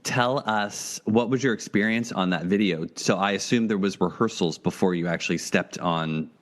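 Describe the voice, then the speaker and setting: A man's voice: on the low side, moderate pace. A man hosting a podcast, asking a guest questions and filling in background context. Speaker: podcast host. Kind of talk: interview questions.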